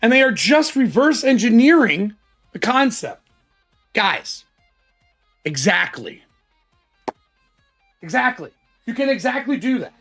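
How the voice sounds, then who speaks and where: A man hosting a casual live stream, thinking aloud excitably and swearing now and then. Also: extremely high pitch, slow pace, pauses often, soft background music. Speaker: livestream host.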